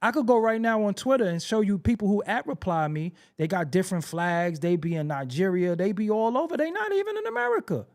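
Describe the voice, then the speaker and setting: A man's voice: high voice, expressive, a little fast, hardly any pauses, a little mellow. A man hosting a podcast, ranting in heated commentary, hammering phrases again and again and firing rhetorical questions. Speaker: podcast host.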